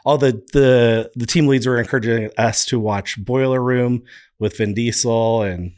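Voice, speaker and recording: Man, podcast guest, lively storyteller, mid-pitched voice, quick impressions. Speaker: podcast guest, business founder. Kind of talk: casual storytelling interview.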